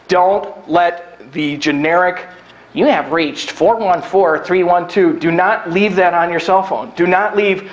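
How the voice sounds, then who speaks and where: A man's voice: high voice, muffled recording. Down-to-earth man giving job tips. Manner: down to earth, joking, acts out quoted lines. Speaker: recruiter giving job search advice. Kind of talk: presentation to an audience.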